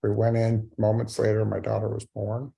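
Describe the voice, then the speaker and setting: A man's voice: lowish voice, monotone, normal speed, vocal fry, dark tone, slightly rough. A middle-aged man giving a keynote speech on a video call, telling a personal story with wry, self-mocking humor. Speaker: keynote speaker.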